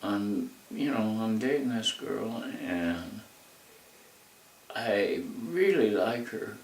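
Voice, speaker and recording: A man's voice: on the low side, lively intonation, slow, slight background noise. An older man tells family stories in a rambling, folksy way, with many asides. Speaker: interviewee telling family history. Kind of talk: casual storytelling. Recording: echoey room, mic far off.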